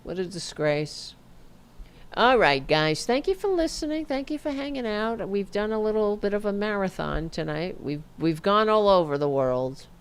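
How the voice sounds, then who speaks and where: A woman's voice: mid-range voice, animated, normal speed, clean tone. A woman hosting a political talk stream, ranting with sarcasm and profanity and reading online comments aloud mockingly. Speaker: host.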